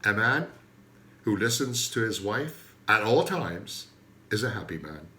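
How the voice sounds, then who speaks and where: Comic man, rambling self-mocking monologue, very animated pitch, roomy echo at home. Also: a little slow. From Turkey. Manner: digressive, self-mocking, jokey asides. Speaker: comedy host.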